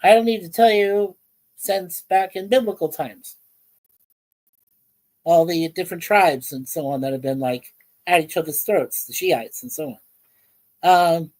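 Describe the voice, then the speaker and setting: A woman hosts a casual livestream from home. She rambles in halting phrases full of fillers and greets chat viewers by name. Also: lowish voice, darkish tone, poor audio. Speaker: livestream host. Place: home in Ontario, Canada.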